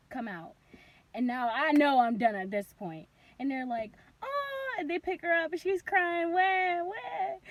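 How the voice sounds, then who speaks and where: A young woman telling a casual storytime vlog, rambling with lots of "like" and bursting into loud cries when she acts out moments. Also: sits high. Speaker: vlogger.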